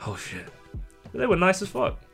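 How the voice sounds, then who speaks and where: A young man from London, co-hosting a casual podcast and telling stories in an animated way, swearing freely and acting out what people said. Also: sits high, moderate pace, creaky, faint music behind. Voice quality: swears freely, animated storytelling with acted-out quotes. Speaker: podcast co-host. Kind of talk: casual chat.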